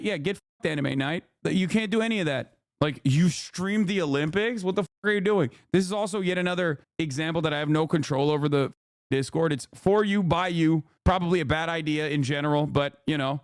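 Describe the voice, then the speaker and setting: A man's voice: on the high side, dry recording, clean studio sound. A man streaming from home, ranting and mocking his chat in a profane, casual commentary.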